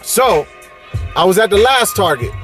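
A man's voice: high voice, expressive, unhurried, fairly bright tone, faint music behind. A man from California hosting a casual toy-hunting vlog, with playful slang-filled banter and a sing-song delivery. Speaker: toy collecting vlogger.

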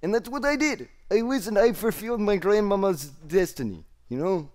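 A man's voice: high voice, lively intonation, fairly quick, a little mellow. A man voicing a proud, patriotic male Russian sniper soldier in broken English with a put-on Russian accent, during a game. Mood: storytelling. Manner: grandiose speeches, laughing. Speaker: streamer. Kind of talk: in-game voice role-play.

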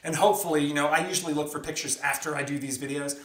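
A man's voice: fairly high pitch, steady tone, rapid-fire, a bit bright. Man, casual vlog monologue, chatty and upbeat, roomy echoing room. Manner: chatty and upbeat, adds playful "pew" sound effects. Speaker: science fiction author hosting his own channel. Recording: roomy echo.

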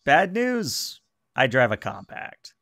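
A smug stranger flirts and teases in a plain, mid-pitched voice, played by a man running a tabletop game. The sound is dry and close to the mic. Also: wildly swooping pitch, slow pace, creaky, bright, forceful tone, no room sound, heavily acted. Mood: teasing.

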